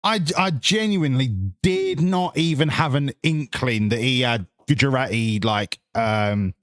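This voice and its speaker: A man's voice: mid-range voice, a little slow, fairly bright tone, dry recording. A man streaming a driving game, chatting in sarcastic, sweary banter as he plays. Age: adult, grew up before the 1980s. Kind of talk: live gameplay commentary.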